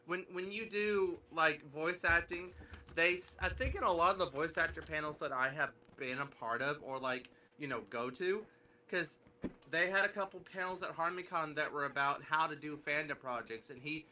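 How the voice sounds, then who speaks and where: A man's voice: a little high, moderate pace, bright, forceful tone, slight background noise. A man streamer chatting casually, rambling with lots of restarts and filler words. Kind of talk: casual chat.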